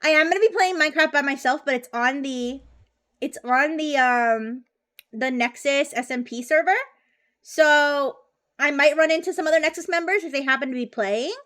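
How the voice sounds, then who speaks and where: A high-pitched woman talks to her viewers during a live stream. Her chat is bubbly and rambling, with giggles and restarts. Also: moderate pace, fairly bright tone.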